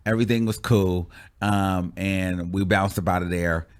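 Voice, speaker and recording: A man on his channel telling a story time monologue casually, animated, dramatic and full of exclamations. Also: low-pitched, measured pace, smooth. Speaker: YouTube storyteller.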